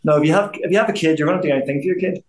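A man in his fifties with a Belfast accent, once a boxer, talks rapid-fire and on the high side as a guest in a casual interview. He rambles, repeats himself and often restarts his sentences, captured in an echoey room on a low-quality recording.

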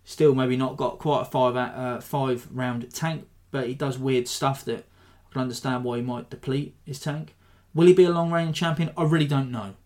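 A man hosting a podcast, giving a rambling, animated breakdown of a fight in a self-deprecating way. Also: medium pitch, moderate pace, few pauses. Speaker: podcast host. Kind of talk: casual fight analysis.

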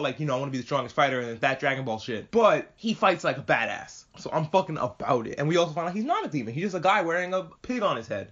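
A man chatting casually and excitedly as a podcast host reviewing an anime, swearing freely and rambling. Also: fairly high pitch. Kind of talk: casual chat. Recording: muffled lo-fi audio.

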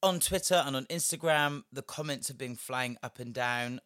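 A man's voice: medium pitch, moderate pace, no echo, clean studio sound. A young man, delivering a profane, sarcastic ranting commentary as a vlogger. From Britain. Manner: profane, sarcastic, shifting loudness.

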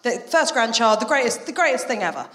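A woman's voice: a little high, sing-song, fast, a bit bright, long reverb tail. A British woman in her thirties performing a live, chatty stand-up routine and breaking into character voices. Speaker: stand-up comedian.

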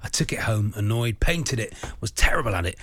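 A man co-hosting a radio show, relaxed, chatting and reading out listener messages. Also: fairly low pitch, brisk, dry recording, studio quality. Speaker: radio host. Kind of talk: casual chat.

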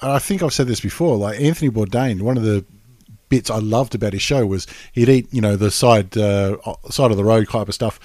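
A man's voice: fairly low pitch, brisk, a little mellow, dry recording. A man co-hosting a casual chat, easygoing and agreeable, chuckling often.

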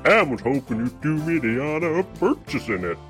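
A man's voice: mid-range voice, big pitch swings, fairly quick, fairly bright tone, soft background music. A man voicing a boastful, washed-up male country singer in a spoof radio advert, with folksy salesman patter. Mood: hammy pitch.

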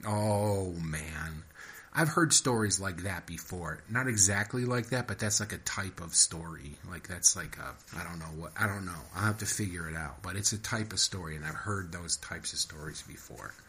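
A man's voice: deep voice, normal speed, fairly bright tone, husky. A man hosting his own podcast, reading short fiction aloud and then chatting in a rambling, repetitive way. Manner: rambling, self-interrupting, repeats himself. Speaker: podcast host and fiction writer.

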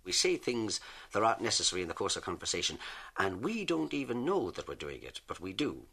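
Irish comic, lively lilting delivery with bright, forceful tone, stretched punchlines. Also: male voice, fairly low pitch, fairly quick, gravelly, slightly rough. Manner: lively storyteller, drawls punchlines. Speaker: comedian. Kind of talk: stand-up joke telling.

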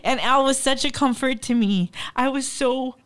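A woman's voice: high voice, normal speed, clear, resonant tone. A woman co-hosting a podcast, telling a painful personal story with raw emotion, frequent swearing and laughs through tears. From Philippines. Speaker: podcast co-host.

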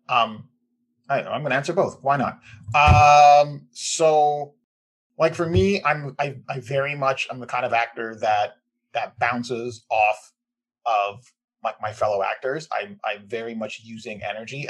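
A male voice actor answering questions on a video call, earnest and halting with many restarts. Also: mid-range voice, fairly bright tone. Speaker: voice actor on the podcast. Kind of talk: casual cast Q&A on a video call. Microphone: video call mic.

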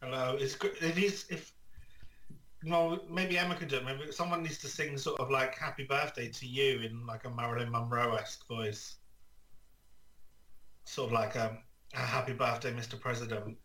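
A man's voice: mid-range voice, steady tone, moderate pace, bright, forceful tone, poor audio. A man, a regular on a podcast, trading teasing dry jokes in casual banter. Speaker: podcast co-host.

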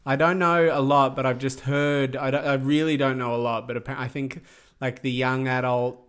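A man's voice: mid-range voice, steady tone, moderate pace, a bit bright, clean tone. A man chatting casually as a podcast co-host, rambling with many fillers and hedges. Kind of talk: casual chat.

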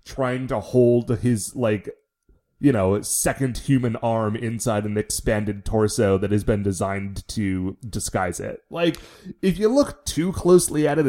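A man co-hosting a podcast, giving relaxed, amused commentary on a TV episode. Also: medium pitch. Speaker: podcast co-host. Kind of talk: casual chat recapping a TV episode.

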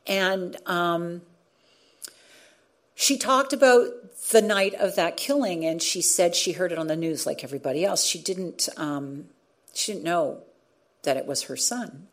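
Middle-aged woman journalist recounting a story in an interview; earnest, slightly low voice, restarts often. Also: unhurried. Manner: earnest, with frequent restarts and acted-out quotes. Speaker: radio journalist and former show host. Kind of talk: reflective storytelling in a conversation.

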